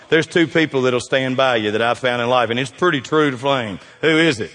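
A middle-aged man preaching a folksy sermon, swinging from loud emphasis down to hushed, quiet lines. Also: mid-range voice, expressive, a little fast. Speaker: pastor. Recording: reverberant hall.

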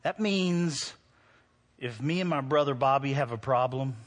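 A male pastor preaching a sermon to his congregation. He swings between loud, lively moments and hushed ones, and teases his listeners as he talks straight to them. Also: medium pitch, unhurried.

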